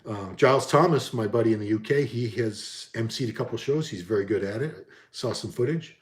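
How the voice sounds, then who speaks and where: A man's voice: medium pitch, fairly quick. Man, casual vlog chat, rambling, candid, echoey room. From Boston area. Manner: rambling, candid, self-deprecating. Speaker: bodybuilding vlogger. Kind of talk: casual chat reading viewer comments.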